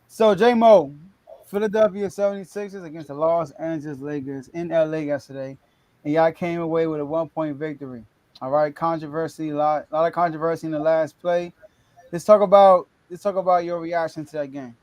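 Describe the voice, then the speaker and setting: A man's voice: a little high, fairly even intonation, a little fast, a little mellow, no room sound. A man hosting a sports podcast, upbeat and prompting his guest with questions. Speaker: podcast host. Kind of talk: casual sports talk. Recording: dry close mic.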